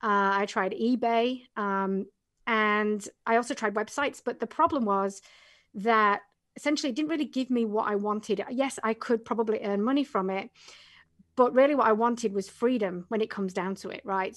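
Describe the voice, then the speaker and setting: A woman's voice: on the high side, normal speed, no room sound, clean studio sound. A middle-aged woman from England with an English accent, a talkative guest in a casual podcast interview. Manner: chatty and talkative. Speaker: guest, business coach.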